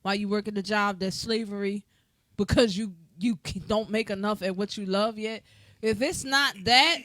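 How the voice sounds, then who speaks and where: A woman co-hosting a podcast, talking in an animated, rambling way and laughing often. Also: mid-range voice, moderate pace, no echo, studio quality. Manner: animated, laughs often, talks in run-on asides. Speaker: podcast co-host. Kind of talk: casual chat.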